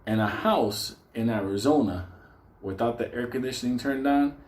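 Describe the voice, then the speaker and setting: A man's voice: medium pitch, normal speed. A man telling a comic personal story, swearing constantly and laughing often. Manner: profane, animated, laughs often. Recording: echoey room.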